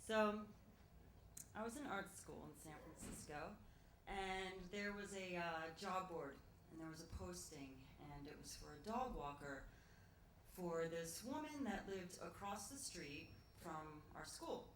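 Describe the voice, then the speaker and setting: Brief: young woman, Philadelphia accent, live storyteller, rambling and quick, lowish voice, faint hiss. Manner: chatty, fast when nervous, lots of fillers.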